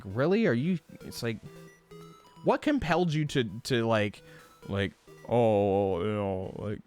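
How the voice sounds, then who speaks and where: Profane, rambling male streamer. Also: on the low side. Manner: rambling, profane, animated rants. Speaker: livestream host. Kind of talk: casual livestream chat.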